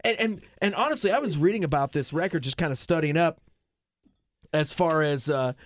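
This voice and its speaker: A man's voice: a little high, animated, brisk, no room sound. A man co-hosting a podcast in casual chat, telling stories with many restarts. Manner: rambling storyteller, many restarts. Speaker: podcast co-host.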